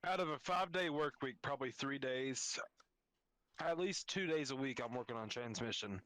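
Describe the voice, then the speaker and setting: Bright-voiced laid-back mechanic man. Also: mid-range voice, normal speed, no echo. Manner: laid-back, matter-of-fact slang. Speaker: guest mechanic. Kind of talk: casual chat.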